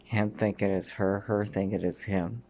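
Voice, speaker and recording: A man's voice: fairly low pitch, level tone, normal speed, dark tone, a little hiss or hum. A man in his thirties from Canada, telling his own memories in a rambling monologue that drifts from one thing to the next, swearing often and sometimes dropping to a mutter. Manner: sometimes drops to a mutter or whisper.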